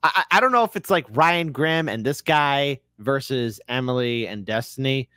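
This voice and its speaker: Male streamer, mocking reaction commentary, bright voice, dry sound. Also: medium pitch, lively intonation, normal speed, clean tone, no echo. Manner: mocking, laughing, reads chat aloud. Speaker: streamer reacting to a debate clip. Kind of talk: casual live-stream commentary.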